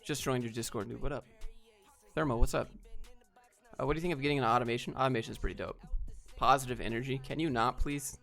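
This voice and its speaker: Man, streamer, casual chat, laid-back, deadpan, low energy. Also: fast talker, vocal fry, soft background music.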